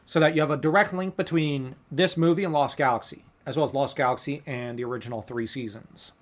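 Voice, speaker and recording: A man's voice: medium pitch, fairly quick. A man co-hosting a podcast, casually analyzing a movie scene shot for shot and earnestly laying out his own fan theories. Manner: earnest, theorizing, talks through ideas at length. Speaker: podcast co-host.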